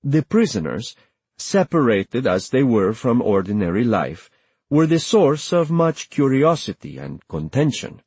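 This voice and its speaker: A man reading an audiobook in measured scripted narration, dropping lower and quieter on somber lines. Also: big pitch swings, breathy edge, dry recording.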